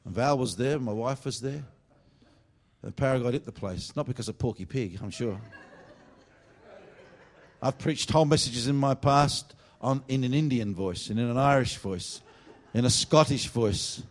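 A male revival preacher delivering a sermon at a church meeting. He lurches from loud, fervent bursts down to low, confiding asides. His voice sits at an ordinary middle pitch. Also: moderate pace.

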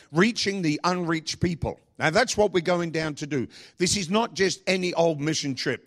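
A man pastor preaching a sermon, asking the congregation repeated questions and speaking with lively emphasis. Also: a little high.

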